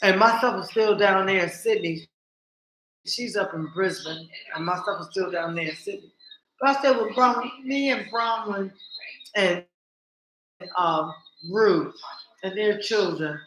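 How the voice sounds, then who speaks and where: A woman vlogging in a casual monologue, animated and blunt, cursing freely and talking straight to her viewers. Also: medium pitch, a little slow, pauses often, echoey room, poor audio.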